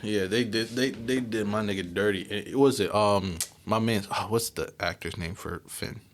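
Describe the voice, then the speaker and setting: A man's voice: on the low side, fairly even intonation, moderate pace, slight background noise. A man from the United States co-hosting a podcast in loose, laid-back casual chat with many fillers. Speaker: podcast co-host.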